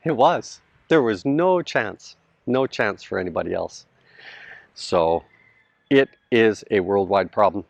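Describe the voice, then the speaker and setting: A middle-aged Canadian vlogger with a Canadian accent talks casually and slowly to camera outdoors at a house build site in the Philippines. His voice is on the low side, expressive, with vocal fry; he's chatty, laughs often, and addresses viewers directly. The recording is muffled with no room sound.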